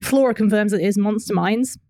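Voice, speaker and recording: A woman's voice: medium pitch, brisk, mellow, dry recording, clean studio sound. A woman co-hosting a podcast, recapping a cartoon in casual chat, laughing often and acting out the characters' lines. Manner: giggly, acts out characters' lines. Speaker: podcast co-host.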